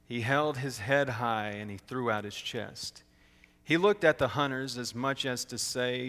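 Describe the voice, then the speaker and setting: A man reading a rhyming storybook aloud in a rhythmic, expressive way. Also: mid-range voice, unhurried. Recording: long hall reverb.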